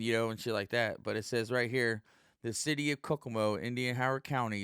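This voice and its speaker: A man's voice: on the low side, bright, forceful tone, clear, resonant tone, no room sound, studio quality. A man hosting his own podcast, a stand-up comic rambling casually and profanely with lots of fillers. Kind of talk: casual solo podcast monologue.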